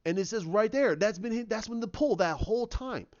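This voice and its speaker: Brief: man with a slightly high voice, emphatic opinionated reviewer, muffled lo-fi audio. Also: expressive, a little fast, darkish tone. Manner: opinionated, emphatic, repeats himself. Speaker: movie reviewer. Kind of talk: casual movie review rant.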